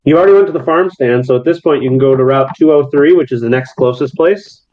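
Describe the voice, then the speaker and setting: A man's voice: medium pitch, fast talker, a little hiss or hum. A man narrating as game master, loose and chatty, with plenty of fillers, on slightly muffled audio.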